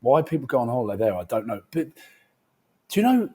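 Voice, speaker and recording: Husky-voiced man telling joking stories. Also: mid-range voice, big pitch swings, fast talker, mellow. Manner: joking, banter-heavy storytelling. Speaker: podcast co-host. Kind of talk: casual chat.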